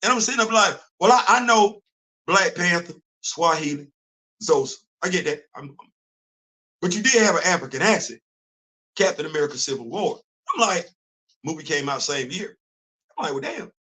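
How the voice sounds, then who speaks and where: A man's voice: on the high side, lively intonation, moderate pace, pauses often, bright, forceful tone. A man hosting a comic book morning show, talking casually and emphatically to his audience with a worn-out voice. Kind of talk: casual talk-show commentary.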